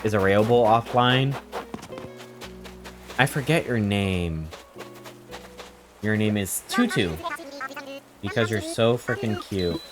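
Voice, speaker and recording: A young man with a very low-pitched voice hosts a live game stream. He rambles and jokes with his viewers as he reacts to chat. Game music plays clearly behind him the whole time. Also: slow pace, long pauses.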